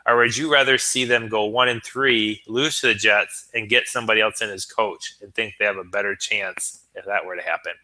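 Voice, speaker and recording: A man's voice: fairly low pitch, fairly even intonation, a little fast, few pauses, sharp tone, rough recording. A man co-hosting a sports talk show, earnest and stammering as he builds long arguments. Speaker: podcast co-host.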